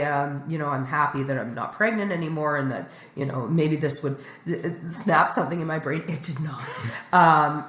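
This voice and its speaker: A woman's voice: low voice, roomy sound. A middle-aged woman comedian telling a candid story in a blunt, joking way. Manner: blunt, joking, animated retelling. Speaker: guest comedian.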